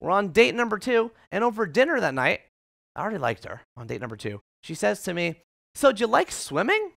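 Brief: motivational speaker, man, lively storytelling, bright, dry close sound. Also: sits high, brisk, creaky, no room sound. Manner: animated, conversational, many filler "like"s. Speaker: keynote speaker. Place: live audience event in an office.

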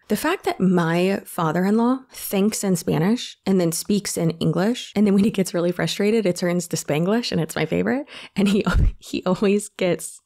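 Creaky, animated young woman vlogger. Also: lowish voice. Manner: animated, jokey, reads out texts in a sarcastic voice. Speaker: online creator. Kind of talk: casual to-camera storytelling.

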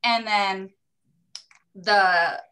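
A woman on a panel telling a funny personal anecdote in a lively, self-mocking way. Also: mid-range voice, very slow. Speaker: panel speaker.

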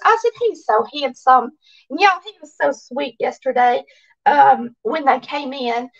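A chatty Southern woman with a high voice and a gravelly edge talks excitedly to her viewers. She sounds a little distant and dull, as if the mic sits some way off. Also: unhurried. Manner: chatty, excitable, reads viewer cards aloud. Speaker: cooking channel host. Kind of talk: casual chat to viewers.

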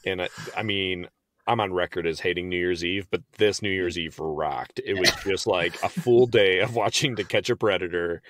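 A man in his thirties co-hosting a podcast, telling stories in animated casual chat, with quick bursts and laughter. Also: deep voice. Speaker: podcast co-host.

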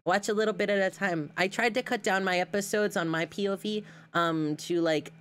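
A woman's voice: mid-range voice, brisk, fairly bright tone, clean tone. A woman streamer chatting casually while reacting to clips, giggly and talkative with lots of fillers.

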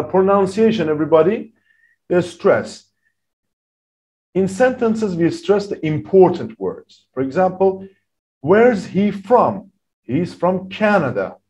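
A man teaching a beginner English lesson, talking slowly and carefully as he walks through example sentences. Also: high-pitched, darkish tone. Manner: slow, careful, drawn-out teaching delivery.

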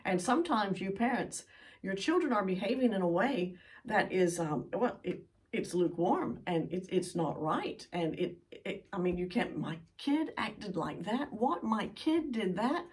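A woman's voice: mid-range voice, animated, measured pace, a little mellow, recorded from a distance. An older woman giving an earnest, pleading sermon as a Bible teacher, with emphatic sighs of "oh".

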